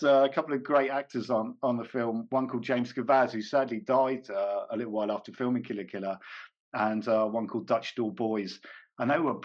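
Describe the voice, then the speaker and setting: A man being interviewed as a comedian and actor, talking casually and hesitantly with many fillers, restarts and small laughs. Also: medium pitch. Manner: rambling, hesitant, frequent fillers and self-corrections, laughs often. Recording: dull lo-fi recording.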